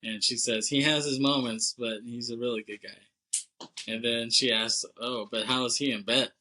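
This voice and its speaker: Speaking at normal speed with a steady tone, this young male podcast co-host has a medium-pitched voice that comes across pushed and bright. He loosely recaps a movie plot, swearing freely and performing lines with laughter. The recording is poor, with a little hiss or hum.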